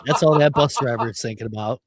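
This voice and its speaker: A man co-hosting a podcast, rambling through dark jokes full of fillers in casual banter. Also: medium pitch, fast, a loud crowd. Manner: rambling, darkly joking, filler-heavy. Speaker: podcast co-host.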